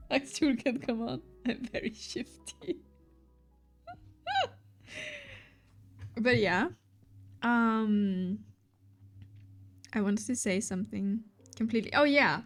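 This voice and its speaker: Woman with a German accent, somewhat high voice, streaming and reading chat at an unhurried pace, giggly and chatty, soft lofi music underneath. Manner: chatty, giggly, restarts often while chatting. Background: faint lofi music.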